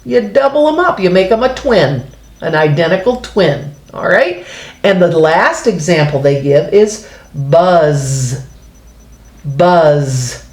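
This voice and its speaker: A woman's voice: fairly low pitch, animated, measured pace, a little mellow, roomy sound. A woman teaching a reading lesson to young children, patient and sing-song, showing pages as she explains. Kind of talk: early-grade phonics lesson.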